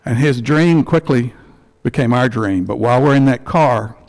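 A man, a church elder telling a heartfelt story in a sermon, halting and restarting as he goes, on a headset mic. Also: medium pitch, darkish tone.

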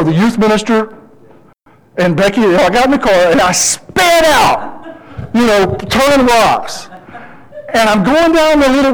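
On a rough recording, a middle-aged pastor shares a personal story during his sermon. He's animated and lively, and his pitch leaps up when he quotes his own words.

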